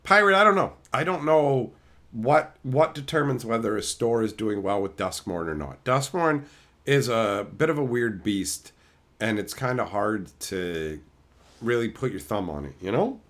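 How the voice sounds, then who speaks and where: A middle-aged man hosting a casual livestream, swearing freely and bouncing between chat topics. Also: unhurried. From Canada. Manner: animated, swears a lot, mimics chatters in high silly voices. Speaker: livestream host.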